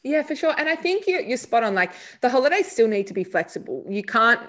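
A woman's voice: a little high, big pitch swings, brisk, fairly bright tone. A woman hosting a podcast as a psychologist, talking in a chatty, casual way, full of fillers and restarts.

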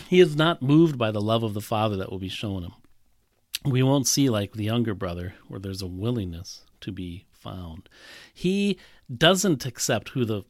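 A man preaching a sermon, animated and emphatic, with frequent rhetorical questions. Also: fairly low pitch, no room sound, studio quality. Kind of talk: expository sermon.

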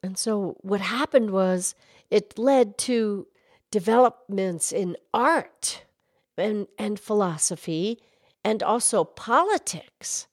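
A woman voicing a gentle female cow who calmly explains history on a children's show. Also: medium pitch, slow pace, no echo, studio quality. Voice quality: calm, explanatory, hesitant restarts. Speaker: co-host, explainer.

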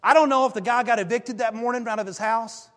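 High-voiced preacher in a reverberant hall. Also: male voice, fast talker. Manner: animated storytelling, emphatic rises. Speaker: pastor. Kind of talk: sermon. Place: church sanctuary.

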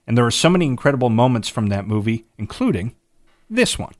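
A man's voice: medium pitch, big pitch swings, quick pace. A man hosting a movie podcast, talking about films in a chatty, enthusiastic way. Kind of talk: casual movie recommendation talk.

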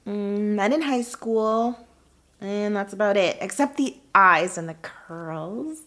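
A woman's voice: medium pitch, slow pace, a bit bright. An actress playing a headstrong young adult daughter who schemes to track down a man for her mother. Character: impulsive determined adult daughter. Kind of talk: film drama acting.

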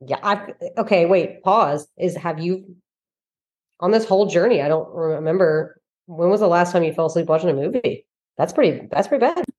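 A woman's voice: fairly low pitch, moderate pace, darkish tone, highs cut off. A woman co-hosting a casual movie review podcast, teasing her partner playfully. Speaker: podcast co-host.

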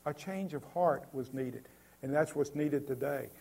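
A man's voice: on the high side, a little slow, creaky, warm tone. A man preaching a sermon earnestly, with many filler sounds and repeated words.

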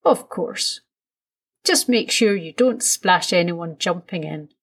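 Woman reading as a patient, gently firm dad. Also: on the low side, slow, slightly rough, exaggerated voice. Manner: calm and reassuring.

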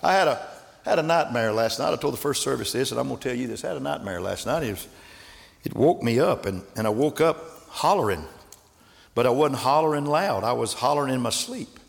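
A man preaching a sermon as pastor, moving between quiet storytelling and shouted calls to the congregation. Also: medium pitch, lively intonation, brisk, vocal fry. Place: large church hall. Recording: echoey church hall with congregation.

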